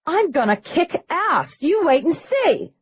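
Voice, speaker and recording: Brash young ex-grifter read by a woman: high, bouncy, lively, quick. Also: dry recording, exaggerated voice. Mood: brash, upbeat. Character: bubbly young female ex-grifter performer, brash.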